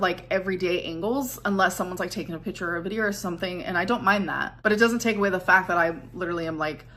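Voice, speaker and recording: A woman's voice: fairly low pitch, a bit bright, slight background noise. A woman vlogger talking about herself in a rambling, reflective way, with lots of "like". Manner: rambling, reflective, heavy use of "like". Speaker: vlogger in a played clip. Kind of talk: casual confessional vlog talk.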